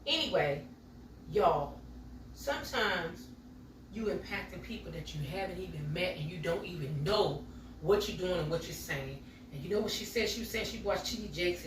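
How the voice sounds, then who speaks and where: Here a home baking vlogger, a middle-aged woman, talks straight to her viewers as y'all while she bakes. She speaks at a normal speed in a fairly low voice with lively intonation. The background is noisy, and the distant mic picks up kitchen echo.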